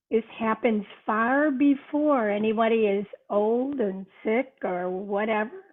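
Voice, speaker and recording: Older female guest, earnest storyteller, higher voice, phone-quality audio. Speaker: guest author. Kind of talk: podcast conversation. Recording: tinny phone-line sound.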